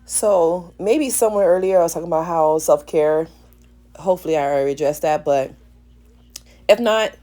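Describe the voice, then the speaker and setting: A woman hair stylist with a gravelly morning voice, chatting playfully to viewers in a salon vlog. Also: sits low, warm tone. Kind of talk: casual voice-over vlog chat. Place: salon suite.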